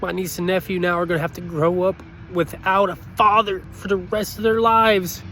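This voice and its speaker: A man's voice: high-pitched, flat delivery, moderate pace, sharp tone. A man giving a heartfelt motivational talk in an earnest, pleading way, choked up with emotion. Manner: earnest, pleading, repeats his points. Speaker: motivational speaker.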